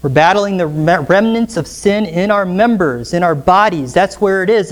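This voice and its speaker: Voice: mid-range voice, normal speed, few pauses. A pastor preaching an expository sermon in church, often asking the congregation rhetorical questions.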